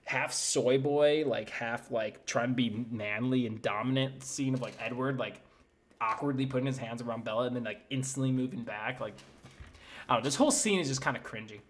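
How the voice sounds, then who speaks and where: A man's voice: mid-range voice, fairly quick. A young man giving a sarcastic comedic movie recap in a casual, rambling way, full of fillers and mocking impressions of the characters. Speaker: comedy commentator.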